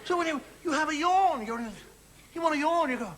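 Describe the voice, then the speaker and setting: Male stand-up comic, bouncy animated delivery, confiding with a studio audience, mimes small scenes. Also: very high-pitched, a little fast, a crowd in the background. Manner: conversational, confiding asides to the audience; acts out little scenes with mimed sounds. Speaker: stand-up comedian. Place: television studio with live audience. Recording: noisy old television recording with audience laughter.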